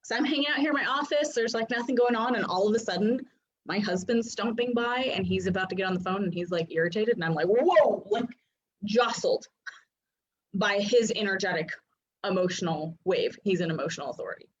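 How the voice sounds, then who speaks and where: Speaking fast at a medium pitch, a woman in her thirties who coaches human design gives a casual lesson by video call from her home office. She's chatty, uses lots of fillers, and laughs a lot, though the recording is muffled.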